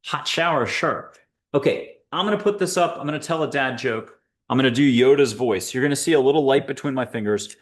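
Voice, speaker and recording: A man hosts a guided spiritual talk, speaking straight to his listeners. He keeps the tone playful and upbeat, slipping in jokes and quick asides. His voice sits at an ordinary middle pitch for a man. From United States. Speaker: host and angel intuitive.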